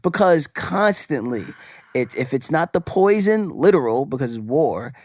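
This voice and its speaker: A man's voice: on the high side, very animated, measured pace, darkish tone, no echo, studio quality. A man co-hosting a podcast, talking emphatically and repeating himself for stress. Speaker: podcast co-host. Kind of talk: casual podcast talk.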